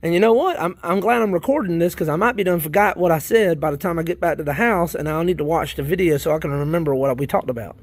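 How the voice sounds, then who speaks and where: A man with a Southern US drawl talks in a folksy, wandering way as he checks on his worm bins outdoors. His voice sits high for a man. The sound is dry, with no room echo. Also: fast talker, few pauses. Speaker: worm farmer vlogger. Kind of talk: casual chat.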